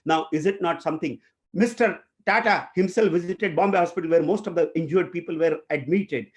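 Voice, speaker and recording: A man's voice: a little high, brisk. A man with an Indian English accent, a corporate trainer telling a motivational story and speaking directly to his audience.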